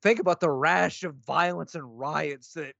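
Male podcast co-host, sardonic and profane, somewhat high voice, dry muffled mic. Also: a little slow, gravelly, fairly bright tone, no room sound. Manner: sardonic, profane, reads from a book. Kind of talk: casual podcast chat.

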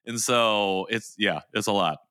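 A man's voice: fairly low pitch, measured pace, bright, forceful tone, no echo, studio quality. A man co-hosting a podcast, joking and teasing his co-hosts with frequent laughter. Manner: jokey, laughs often, teasing. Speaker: podcast co-host. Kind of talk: casual podcast chat.

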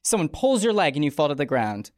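A woman hosting a comedy podcast in a studio, with a raspy, strained throat, telling a story in a playful, rambling way full of asides. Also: low-pitched, big pitch swings, fast, darkish tone, dry recording. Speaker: podcast host.

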